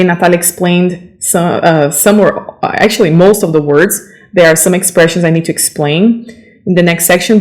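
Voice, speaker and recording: Saying every English vocabulary word twice and pronouncing it carefully, a Portuguese-speaking woman teacher pauses to fix common errors and asks "okay?" to check understanding. She has a slightly mellow, mid-range voice, captured in a rough recording.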